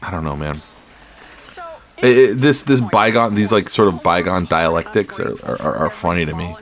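A male podcast host chatting casually with a slightly low voice. He rambles in a sardonic tone, swears freely and restarts his sentences often. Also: normal speed. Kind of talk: casual chat.

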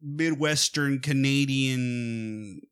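A man in casual podcast chat about a film, his talk rambling and animated. He restarts sentences and slips into quick mock voices as he goes. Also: medium pitch, smooth. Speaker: podcast co-host. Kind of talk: casual movie discussion.

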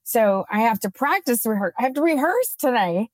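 A woman co-hosting a podcast, chatting casually and telling a lively story, acting out her own quotes. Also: fairly high pitch, moderate pace, dry recording. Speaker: podcast co-host.

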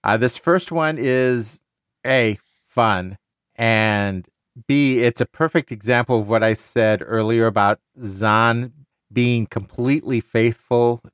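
A man's voice: fairly low pitch, smooth, no room sound, studio quality. Enthusiastic man discussing books. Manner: enthusiastic, stumbles and restarts. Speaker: podcast host. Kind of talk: casual book discussion.

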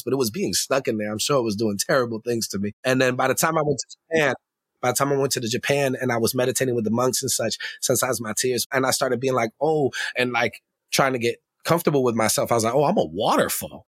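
A man talking as a podcast guest in casual conversation, animated and slangy, often laughing and acting out his own voice. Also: medium pitch, fast, dry recording, clean studio sound.

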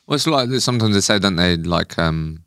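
A man's voice: deep voice, lively intonation, fairly quick, a bit bright, clean tone, no echo, clean studio sound. A man hosting a podcast in casual conversation, thinking aloud and summing up his guest's points with many fillers. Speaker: podcast host.

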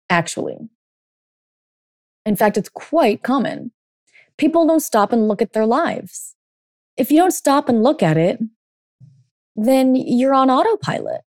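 A dating and life coach with a mid-range, darkish voice tells a story in a casual, filler-heavy monologue before turning blunt and emphatic, swearing a little. The recording is dry and studio quality.

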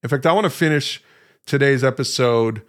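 Animated man teaching from the Bible. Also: medium pitch, moderate pace. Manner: animated, emphatic storytelling that acts out quoted lines; conversational, addresses listeners directly. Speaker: podcast host teaching the Bible.

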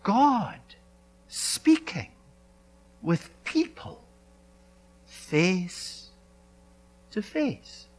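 A male pastor delivering a sermon, speaking in emphatic phrases with dramatic pauses and repetition. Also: high voice, very animated, faint music behind.

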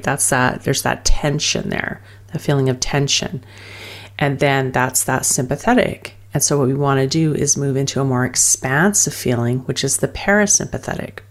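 A woman coach teaching a calming breathing practice in a soothing, loose, filler-heavy way. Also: extremely low pitch, moderate pace. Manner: soothing, speaks in loose fragments with many fillers. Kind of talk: guided wellness teaching.

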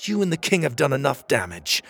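A man's voice: medium pitch, sing-song, fairly quick, gravelly, a bit bright, husky, no room sound, pitched above the performer's own voice, full character voice. A man voicing Petey, a brave young platypus hero, in an earnest, raised voice for an audio story.

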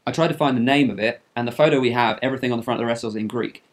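A man's voice: medium pitch, rapid-fire. A man co-hosting a podcast, telling travel stories in a chatty, jokey way. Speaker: podcast co-host. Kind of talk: casual chat.

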